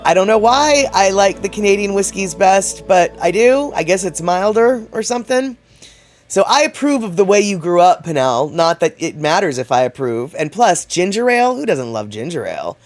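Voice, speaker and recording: A man's voice: high-pitched, expressive, normal speed, soft background music. A man hosting a casual livestream, reading chat messages aloud and rambling in a chatty way, laughing often.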